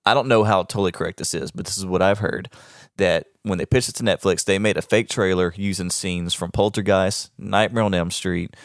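A man with a deep voice joining a casual movie discussion. He hedges his points and fills pauses with lots of likes and uhs. The recording is dry and close. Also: fairly even intonation, no room sound. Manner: hesitant, hedging with many likes. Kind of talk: casual chat.

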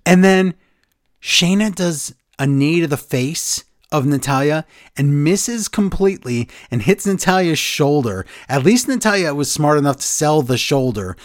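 A man recaps wrestling episodes in casual podcast chat, acting out the lines in put-on voices. His pitch sits a little high and swings widely. The sound is dry and close. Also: measured pace, dry recording. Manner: animated, acts out quotes with voice changes.

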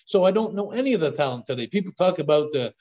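Older man, podcast guest; eager, restart-heavy storyteller, slightly higher voice, muffled remote audio. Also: fast talker. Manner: excited storyteller, repeats words on restarts. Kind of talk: storytelling interview talk. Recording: dull lo-fi call audio.

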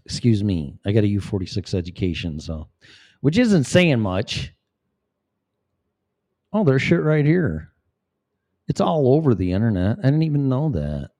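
A male vlogger rambles through casual commentary in a blunt, profane way. His voice is dark and mellow, and his pitch rises and falls in a lively way. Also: measured pace, pauses often.

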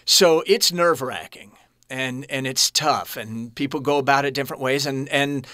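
Bright-voiced earnest man telling his story. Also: medium pitch, no room sound, clean studio sound. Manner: earnest and halting, many restarts. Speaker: podcast guest, adoptee. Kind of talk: personal storytelling in an interview.

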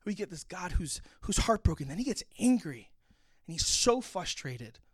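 A man's voice: high voice, sing-song, normal speed, dry recording. Earnest man explaining scripture, dry sound. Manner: earnest, reflective, reading aloud then commenting.

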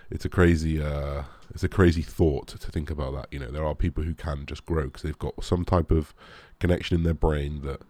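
A man's voice: a bass voice, fairly even intonation, brisk, few pauses, warm tone, no room sound. A young man, a bodybuilder, answering viewer questions in a rambling casual chat, full of fillers and the odd swear.

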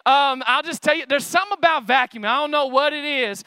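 A young male pastor preaching a casual, energetic sermon, chatty with fillers and calling out to the congregation. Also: very high-pitched, fast, no echo.

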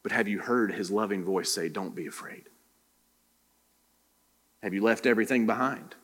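Low-voiced pastor preaching in a reverberant hall. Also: male voice, fast talker, fairly bright tone. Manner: preaching with many direct questions to the listeners. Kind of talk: sermon. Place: church room.

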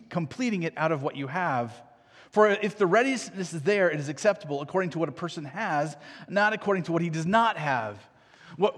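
Higher-voiced male pastor in a reverberant hall. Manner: conversational, frequent "right?" asides, restarts. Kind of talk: sermon.

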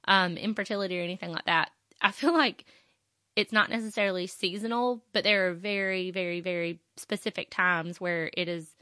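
A woman's voice: lowish voice, steady tone, fairly quick, sharp tone, no room sound, clean studio sound. A woman, talking on her faith podcast in an emotional, rambling way with many fillers. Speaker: podcast host. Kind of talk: personal faith podcast talk.

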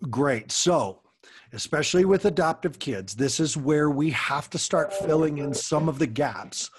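A man's voice: a little high, expressive, a little slow, slightly rough. A man coaching parents over a call, talking frankly and passionately and swearing casually.

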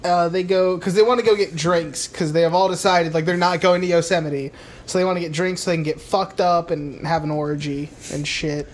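A man's voice: fairly high pitch, fairly even intonation, fairly quick, a little hiss or hum. A man co-hosting a podcast, casually recapping a movie with lots of swearing and laughs, acting out the characters' lines. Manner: profane, laughing, acts out film dialogue in put-on voices. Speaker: podcast co-host.

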